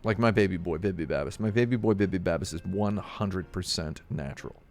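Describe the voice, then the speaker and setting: Deadpan low-voiced man on a comedic rant. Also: brisk, soft background music. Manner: sardonic, deadpan storytelling with mock-outraged rising bursts. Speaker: streamer.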